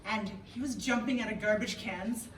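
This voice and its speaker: A woman's voice: mid-range voice, moderate pace. A woman in her thirties from Canada, telling a comic story on stage and talking to the audience. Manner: playful, lively, talks to the audience. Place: event hall before a live audience. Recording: echoey hall, mic from a distance, noisy.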